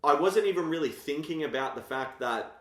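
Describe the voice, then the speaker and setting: A man's voice: a little high, animated, fairly quick. A man co-hosting a film podcast, talking casually and thoughtfully about filmmaking. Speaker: podcast co-host. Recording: roomy echo.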